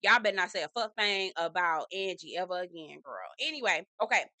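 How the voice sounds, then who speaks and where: Sassy woman with a bright, dry voice. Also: on the low side, fairly quick, no echo. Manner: sassy, animated, says "girl" often. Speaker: reality TV recap host. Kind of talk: casual recap commentary.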